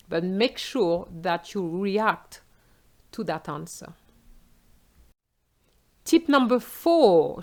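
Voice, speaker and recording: French lady teacher, slow careful delivery, french accent, explaining exam tips. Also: lowish voice, darkish tone. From France. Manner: slow, clear explaining, switching into example phrases.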